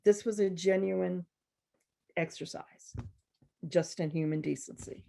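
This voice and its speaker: A woman poet who is a guest at a university event, telling a story in a lively, conversational way and acting out other people's voices. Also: fairly low pitch, measured pace, creaky.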